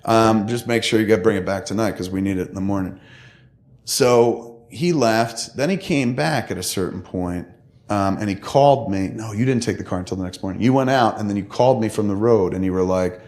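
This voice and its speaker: Profane, animated storytelling man. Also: on the low side, fairly quick. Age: 50s. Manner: profane, animated, acts out quoted voices. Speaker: podcast co-host. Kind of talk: casual storytelling.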